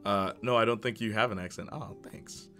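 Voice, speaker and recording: A man's voice: on the low side, brisk, bright, forceful tone, faint music behind. A man streaming live, chatting casually and reading his chat aloud with sarcastic, joking banter.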